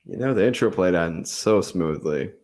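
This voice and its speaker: Young dude cohost, super deep gravelly voice, blunt short answers, swears a lot. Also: male voice, lively intonation, normal speed, a little mellow. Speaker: podcast co-host. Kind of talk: casual chat.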